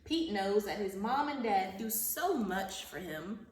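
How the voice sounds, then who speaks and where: A woman teacher giving a vocabulary lesson and reading a story aloud to children, speaking slowly and enunciating carefully, repeating words. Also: medium pitch, animated, darkish tone. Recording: roomy, echoey sound from a distance off the mic.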